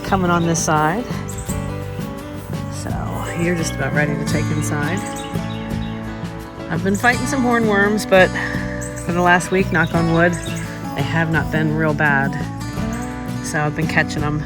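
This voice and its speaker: A low-voiced woman chats her way through a casual outdoor garden tour, filmed on a handheld camera. Loud music plays under her voice. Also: steady tone, a little slow, pauses often. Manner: chatty, talks fondly to her dogs in a high baby voice. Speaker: home gardener vlogger.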